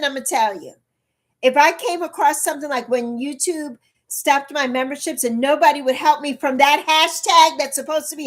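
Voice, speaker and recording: A woman's voice: high voice, fairly bright tone. A woman in her early sixties chatting bluntly on a livestream, repeating herself for emphasis and answering her chat. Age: 60s. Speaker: livestream host.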